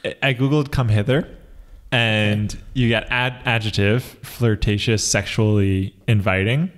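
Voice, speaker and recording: A man's voice: on the low side, steady tone, unhurried, fairly bright tone. A man co-hosting a comedy podcast in casual chat, wry and riffing, with profane asides and mock voices. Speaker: podcast co-host.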